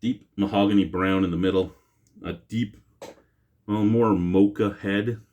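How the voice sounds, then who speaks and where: A man's voice: steady tone, unhurried, warm tone. A man, hosting a casual beer review vlog, chatty and rambling with self-mocking jokes, recorded on a camera mic. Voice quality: deep voice. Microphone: camera mic, no lapel mic.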